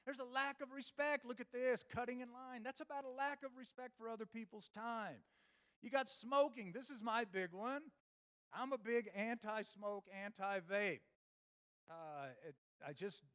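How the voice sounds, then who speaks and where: A man's voice: sits high, a bit bright, clear, resonant tone. A middle-aged man giving a humorous conference keynote on stage, telling stories with quoted dialogue and going on rants. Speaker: keynote speaker. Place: conference stage before a live audience.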